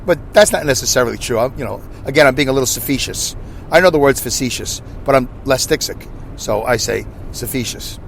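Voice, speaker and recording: A man in his fifties with a New York accent, hosting a podcast in a loud, rambling, self-deprecating monologue. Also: mid-range voice, quick pace, creaky, slight background noise. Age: 50s. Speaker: podcast host. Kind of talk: casual monologue.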